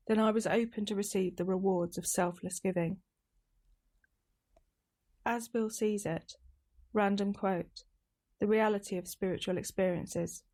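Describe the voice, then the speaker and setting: Woman, middle-pitched voice, steady and deliberate reading aloud. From East Midlands, England. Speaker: reader of daily recovery readings.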